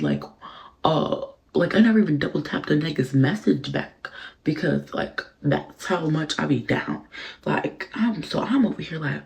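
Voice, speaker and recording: A woman vlogger telling a story casually while getting ready, animated and profane, full of fillers. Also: low voice, gravelly.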